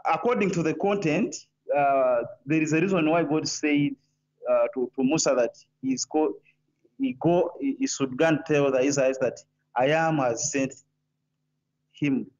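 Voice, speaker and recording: A man's voice: fairly high pitch, moderate pace, a little mellow, dull audio. A man from Africa calling into a debate. He speaks hesitantly and politely, with many fillers. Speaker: caller. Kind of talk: call-in debate.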